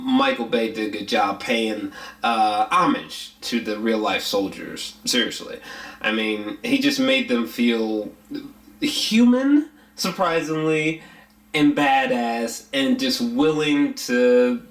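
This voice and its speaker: A man's voice: mid-range voice, vocal fry, a bit bright. A man giving a casual, rambling spoken film review, blunt and profane, with many fillers and restarts. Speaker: movie reviewer. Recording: roomy echo.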